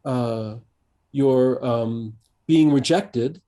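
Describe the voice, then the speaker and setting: Reflective older American man, mellow voice. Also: mid-range voice. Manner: reflective, halting with many fillers and restarts. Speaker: coach, podcast guest. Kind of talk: conversational interview.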